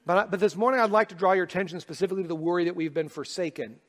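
A man preaching a sermon, his voice pitched high for a man. He moves from hushed, reflective passages to loud, impassioned exhortation. His words ring out with a long reverb, as in a big hall. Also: very fast. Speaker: pastor.

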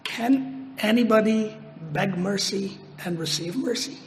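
A man preaching a sermon, slow and emphatic, repeating his phrases and lifting his voice sharply on quoted prayers. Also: sits high, vocal fry, big-room sound, a little hiss or hum.

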